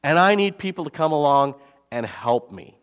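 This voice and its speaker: Expressive male pastor in a reverberant hall. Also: fairly high pitch, normal speed. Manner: expressive, swings from loud emphasis to quiet asides. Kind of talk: sermon.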